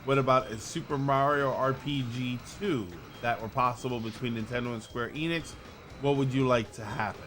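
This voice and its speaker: A man's voice: medium pitch, fairly even intonation, normal speed, a bit bright, soft background music. A man co-hosting a game stream and reading donation messages in a dry way. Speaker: co-host. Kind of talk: casual stream chat.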